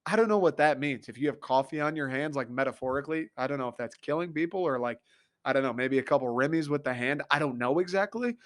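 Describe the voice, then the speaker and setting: An American man hosting a podcast, ranting casually about TV in an excitable, profane, animated way. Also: mid-range voice, fast talker. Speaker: podcast host. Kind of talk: casual solo rant.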